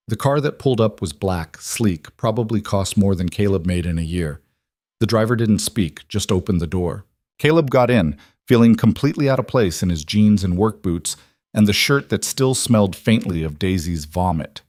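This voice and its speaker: A man reading a scripted dramatic story in a steady, even narrating manner. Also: on the low side, moderate pace, no room sound, studio quality.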